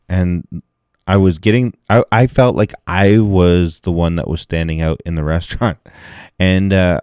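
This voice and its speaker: A man's voice: deep voice, warm tone, dry recording, studio quality. A man talking casually to his viewers, rambling through a story with lots of swearing and laughter between phrases. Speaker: vlogger telling a story.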